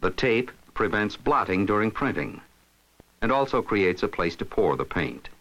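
A man giving scripted narration for an instructional film, explaining steps in a steady, instructive way. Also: on the low side, normal speed, highs cut off.

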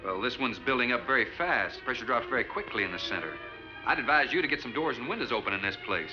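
An actor playing a practical sea captain in a 1950s film, calm and matter-of-fact. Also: male voice, medium pitch, fast talker, close to an everyday voice. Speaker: ship captain. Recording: muffled old film soundtrack with music.

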